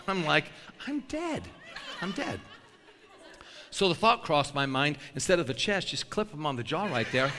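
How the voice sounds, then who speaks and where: An older male preacher tells stories from the pulpit in a lively sermon, his pitch swinging widely as he laughs between lines. His voice is bright and fairly high for a man. It rings with the long reverb of a big church hall. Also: moderate pace. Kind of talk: sermon with animated storytelling.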